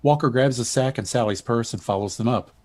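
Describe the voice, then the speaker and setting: A man narrating the stage directions in a measured, even way during a stage reading. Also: medium pitch.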